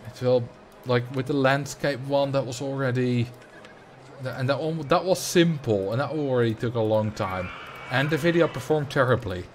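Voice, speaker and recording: A man's voice: medium pitch, moderate pace, a little hiss or hum. A young man from the Netherlands with a Dutch accent, chatting loosely on a livestream and answering his chat as he plays. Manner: rambling, reads chat aloud and answers. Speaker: streamer.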